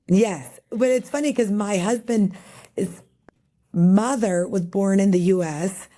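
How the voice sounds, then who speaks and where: A middle-aged woman from El Paso, Texas, a magazine editor appearing as a guest, tells stories quickly in a chatty, casual interview full of fillers. Her voice is medium-pitched and mellow.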